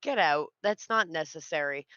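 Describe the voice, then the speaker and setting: A cheeky, blunt woman who swears freely while co-hosting a casual livestream chat. Her voice is bright and smooth, recorded dry with a slightly dull lo-fi quality. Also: low-pitched, lively intonation, moderate pace, no echo. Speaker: show co-host.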